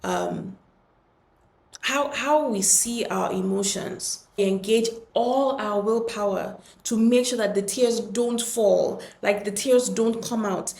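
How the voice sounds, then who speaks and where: A woman hosting a podcast, speaking earnestly and gently in a reflective solo talk, with many pauses and restarts. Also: medium pitch, vocal fry, echoey room. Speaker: podcast host.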